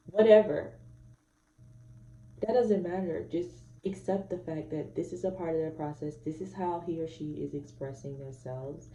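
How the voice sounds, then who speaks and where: Blunt young mom, low mellow voice, roomy echo. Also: female voice, moderate pace, far from the mic, slight background noise. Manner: blunt, outspoken, emphatic. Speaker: mom vlogger giving advice. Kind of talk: candid casual monologue.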